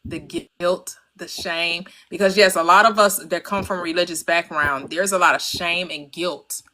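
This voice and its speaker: A woman's voice: fairly low pitch, steady tone, normal speed, sharp tone, poor audio. A woman in a casual spiritual chat, talking in a preachy way and stacking words in emphatic runs.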